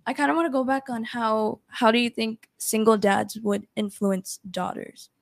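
Woman podcast guest, fairly high voice, measured questioning, dry sound. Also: fairly even intonation, creaky, no room sound. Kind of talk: casual chat.

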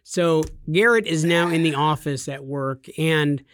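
A man's voice: a little high, steady tone, measured pace, a bit bright. A man co-hosting a gaming podcast in a studio, chatting casually and teasing his co-host with jokes. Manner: teasing, joking. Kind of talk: casual chat.

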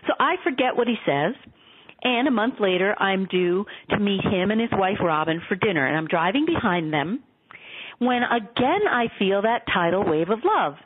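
A woman author telling stories in an earnest, animated way in a radio interview. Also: mid-range voice, moderate pace, husky. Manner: earnest, animated storytelling with quoted dialogue. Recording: tinny phone line.

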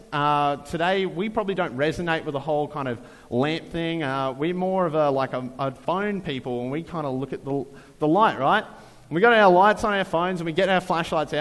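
A man preaching a casual, conversational sermon, full of fillers and joking asides. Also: a little high. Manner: chatty, many fillers, jokey asides. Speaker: pastor. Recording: long reverb of a large hall.

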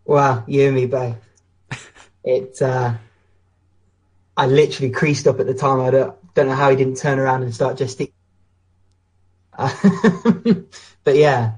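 A man's voice: mid-range voice, slow pace, pauses often, darkish tone. A British man co-hosting a casual podcast chat, blunt and opinionated, telling anecdotes. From Britain. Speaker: podcast co-host.

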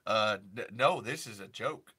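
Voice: medium pitch, measured pace, sharp tone, breathy edge. A young adult streamer chatting casually and rambling through restarts, answering chat and jumping into impressions. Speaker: livestream host.

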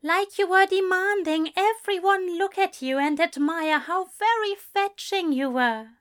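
A woman's voice: extremely high pitch, unhurried, a bit bright, voice pushed up. A woman voicing a fussy, affectionate male angel in a fan-fiction reading, speaking in a fond, coaxing way. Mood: fond teasing.

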